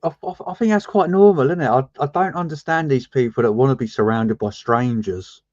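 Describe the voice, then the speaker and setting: A British man chatting on a live voice call, wry and relaxed, often stumbling over his first words. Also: medium pitch, fairly quick, dry recording. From Britain. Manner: wry, relaxed, stammers on starts. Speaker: panel guest. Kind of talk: casual banter. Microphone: online voice chat. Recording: slightly dull lo-fi voice-chat mic.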